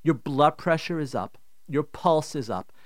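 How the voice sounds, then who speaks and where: A man's voice: on the high side, lively intonation, a little slow, dry recording, clean studio sound. A middle-aged man, a rabbi hosting a radio show, giving emphatic, repetitive advice and acting out the complaints he quotes. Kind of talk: animated radio advice talk.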